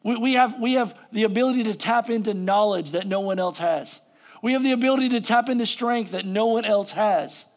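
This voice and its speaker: A man's voice: high-pitched, a little fast. A male pastor giving a conversational sermon, joking about himself and then reading scripture with rising emphasis.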